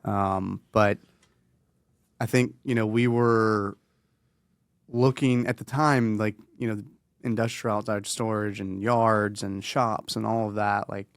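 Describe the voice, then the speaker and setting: A man speaking as a guest in a casual interview, relaxed and hedging with fillers. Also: fairly low pitch, takes it slowly, clear, resonant tone, no room sound, studio quality.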